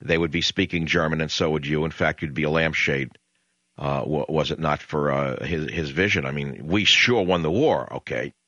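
A man's voice: extremely low pitch, fairly bright tone, no room sound. An older man with a New York accent, hosting a talk radio show in a rambling, emphatic monologue full of hesitations. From Queens, New York. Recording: dull lo-fi broadcast audio.

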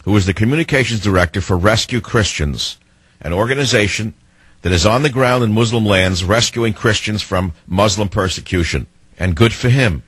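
A man's voice: on the low side, fairly bright tone, breathy edge, no room sound. An older man hosting a radio talk show in a studio, speaking in an emphatic, declamatory way. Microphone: studio microphone.

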